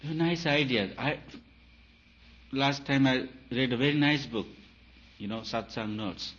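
A man giving a spiritual talk, emphatic and repetitive, his voice swelling and dropping in loudness. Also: mid-range voice, a little slow. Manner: emphatic, repeats phrases, rises and falls in loudness. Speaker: spiritual teacher. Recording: dull lo-fi recording with faint hiss.

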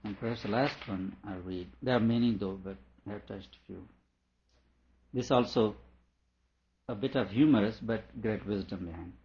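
A male teacher giving an explanatory lecture on a scripture, repeating each question aloud before patiently explaining it, with quiet chuckles along the way. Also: on the low side, moderate pace. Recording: dull lo-fi recording.

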